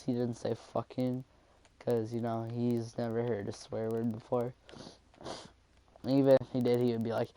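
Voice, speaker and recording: A man's voice: mid-range voice, fairly even intonation, normal speed, pauses often, warm tone, no room sound. A young man telling a school story in a casual vlog, rambling with lots of swearing and fillers.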